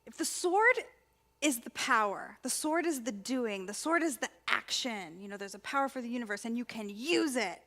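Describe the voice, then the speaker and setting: A woman, a spiritual practitioner, giving an inspirational sermon in a conversational, expressive way with repeated emphasis. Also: fairly high pitch, normal speed. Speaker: spiritual practitioner and ministry student speaker.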